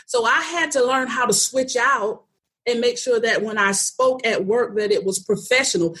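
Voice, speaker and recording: A middle-aged woman shares her own story as a guest, speaking earnestly and straightforwardly in a soft, breathy voice. She talks plainly and laughs easily along the way. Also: on the high side, normal speed. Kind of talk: personal storytelling in conversation.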